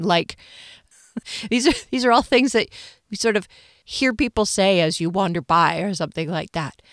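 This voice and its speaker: Lowish-voiced woman reading her story. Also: no room sound, studio quality. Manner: chatty and amused, laughs easily. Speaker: author and podcast narrator. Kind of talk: casual chat then storybook reading.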